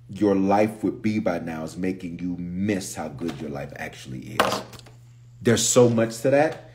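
A low-pitched man talks casually as a pastor on a livestream. He reads viewer comments aloud with energetic warmth. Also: moderate pace.

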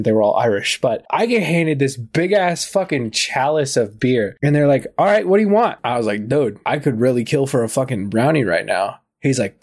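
A man's voice: medium pitch, darkish tone. A man from the United States hosting a casual podcast chat, telling stories crudely with a lot of swearing. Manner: crude, storytelling with lots of swearing. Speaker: podcast host.

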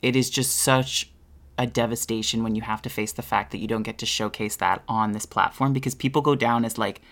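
Relaxed, chatty podcast co-host. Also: medium pitch, brisk. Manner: relaxed, chatty, playful teasing. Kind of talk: casual chat.

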